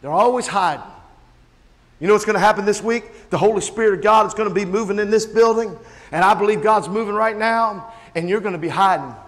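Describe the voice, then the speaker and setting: A man's voice: high-pitched, fairly quick. A man preaching a sermon as a pastor, telling stories and calling out to the congregation. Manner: storytelling preacher who shouts out quoted voices. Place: church sanctuary. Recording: long reverb of a large hall.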